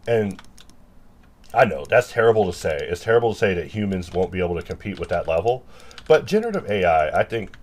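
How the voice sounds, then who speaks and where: A man with a lowish voice chats and rambles casually as he works. He pokes fun at himself and now and then bursts out with loud, mock-angry lines.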